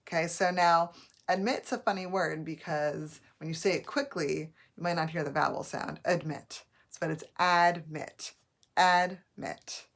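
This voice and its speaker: A woman teaching a phonics lesson, sounding out words slowly and clearly, syllable by syllable. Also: low-pitched, steady tone.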